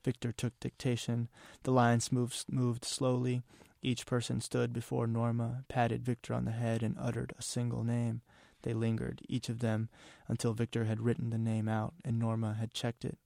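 A man, an author, reading from his novel in a measured, somber way. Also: medium pitch, completely flat delivery, gravelly, dark tone, dry recording. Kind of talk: literary reading.

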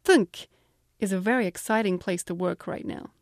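A blunt male agency boss, read by a British woman, curt and dismissive, then smoothly selling a bad deal. The voice sits in a medium register and sounds dry and close, with no room around it. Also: medium pitch, moderate pace, no echo, close to an everyday voice. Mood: salesy.

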